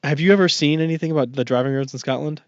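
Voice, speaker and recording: A man's voice: fairly high pitch, very fast, no echo. A man co-hosting a car podcast in casual chat, rambling and restarting his sentences. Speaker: podcast co-host. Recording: dull lo-fi podcast audio.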